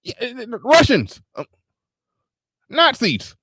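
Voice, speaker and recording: A man's voice: extremely high pitch, huge pitch swings, slow, pushed and bright, slightly rough, no room sound, clean studio sound, voice pushed up, exaggerated voice. A man putting on the voice of an agitated man who insists on his warnings about enemies. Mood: insistent. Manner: insistent, repetitive.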